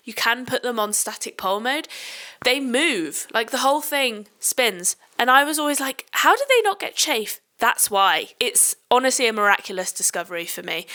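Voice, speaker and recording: A woman's voice: fairly high pitch, bright, forceful tone. A young woman who works night shifts in medicine, hosting a podcast and chatting in a rambling, self-deprecating way. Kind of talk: casual chat.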